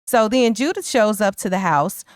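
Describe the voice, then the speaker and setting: Smooth, chatty woman recapping a movie. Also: mid-range voice, moderate pace, no room sound, studio quality. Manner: animated, acts out characters' lines in quotes; chatty, slangy. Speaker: co-host.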